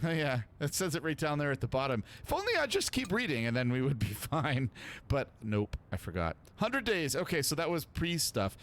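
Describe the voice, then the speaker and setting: A man's voice: mid-range voice, slight background noise. A man in his forties giving easygoing, self-mocking commentary while playing a game. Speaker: gaming channel host. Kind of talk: casual gameplay commentary.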